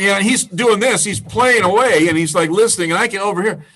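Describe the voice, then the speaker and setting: A man with a high, bright, sharp-edged voice spins a profane band story in loose conversation. He laughs as he goes and slips into quick impressions of the people he describes. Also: recorded from a distance, low-quality recording. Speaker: musician guest. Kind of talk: casual storytelling chat.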